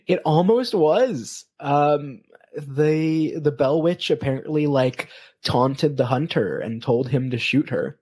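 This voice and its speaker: A podcast host with a high-side, darkish, breathy voice tells a story casually at a slow pace. He hesitates a lot, with many ums and restarts.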